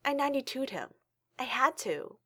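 A woman voicing a small, brave, stubborn girl in a storybook reading, using a high childlike voice. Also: big pitch swings, moderate pace, a bit bright, dry recording, studio quality, exaggerated voice. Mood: proud. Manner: high babyish little-girl voice.

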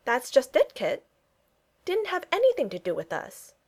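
A woman's voice: sits high, wildly swooping pitch, normal speed, voice pushed up, full character voice. Lady reading as a young regency gent, clipped and blunt, voice swings up and down a lot. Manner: clipped speech, dropped pronouns.

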